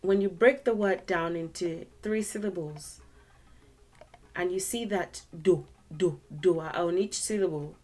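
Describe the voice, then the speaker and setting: A woman's voice: lowish voice, measured pace, a little mellow. A woman teaching an online language lesson, patiently repeating words and sounding out tone syllables.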